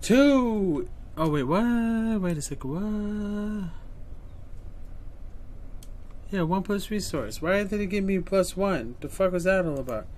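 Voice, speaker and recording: A man giving profane live commentary on his own gameplay, excitable and muttering to himself between bursts. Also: high-pitched, unhurried. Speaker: gameplay streamer.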